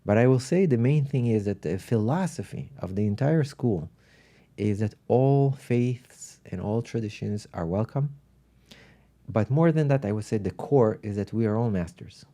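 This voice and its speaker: A man, a spiritual teacher, speaking in an animated, thoughtful way while telling stories in a podcast conversation. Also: on the low side, moderate pace. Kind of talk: reflective storytelling in conversation.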